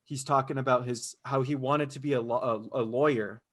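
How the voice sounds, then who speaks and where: A man's voice: medium pitch, fairly even intonation, brisk, fairly bright tone. Rambling male podcast co-host. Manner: rambling, with frequent restarts and "you know". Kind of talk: casual chat.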